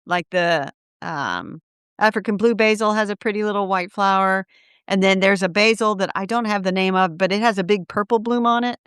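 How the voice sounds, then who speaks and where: A woman's voice: mid-range voice, normal speed, a bit bright, clear, resonant tone, no echo, clean studio sound. A woman co-hosting a gardening podcast, chatting in a practical, matter-of-fact way. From American Midwest. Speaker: podcast co-host. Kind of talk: casual gardening chat.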